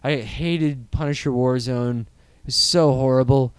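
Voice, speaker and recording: A man chatting casually on a podcast, animated and profane, riffing and slipping into quick impressions. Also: medium pitch, clear, resonant tone, no room sound. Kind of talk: casual chat.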